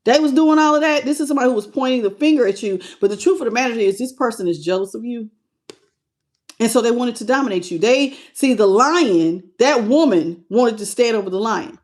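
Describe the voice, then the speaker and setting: A woman's voice: a little high, animated, fairly quick, darkish tone. A woman with a slight country twang, reading tarot on a live stream and greeting her viewers with pet names. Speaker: tarot reader.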